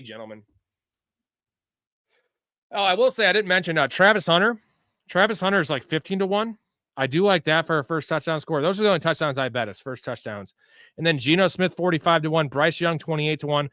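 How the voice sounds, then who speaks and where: A young man hosts a live sports betting stream in loose, swearing bro talk. His voice is bright and forceful, sitting a little high for a man. The sound is dry and close. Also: brisk, dry recording. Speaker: host of a live sports betting and fantasy show. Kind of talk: casual livestream chat answering viewer questions.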